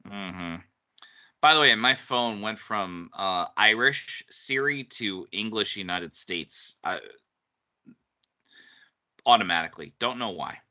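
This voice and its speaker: A man's voice: fairly low pitch, lively intonation, slow, pauses often, bright, forceful tone. A man co-hosting a podcast, chatting casually with frequent laughs and hesitations. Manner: laughs often, hesitant with ums. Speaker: podcast co-host and author. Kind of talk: casual chat.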